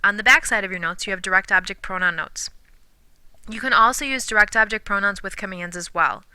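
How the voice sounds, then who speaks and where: A woman teaching a recorded language lesson, patiently explaining grammar and slowly sounding out example words. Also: medium pitch, sharp tone, dry recording. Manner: clear, patient explaining with slow modeled pronunciations; drops to a whisper when counting syllables. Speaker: Spanish teacher.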